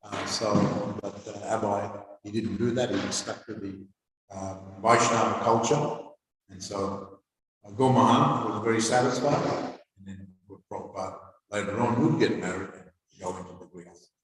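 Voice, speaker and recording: A man giving a devotional scripture class, reading aloud and then commenting in a halting way, with many fillers and restarts. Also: fairly low pitch, fairly even intonation. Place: temple hall. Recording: echoey hall, voice from far off.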